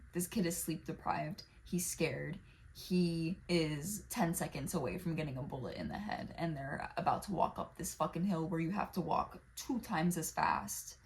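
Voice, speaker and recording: A woman talking casually to camera, rambling through asides and swearing freely. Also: lowish voice. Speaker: video creator. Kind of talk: casual vlog analysis.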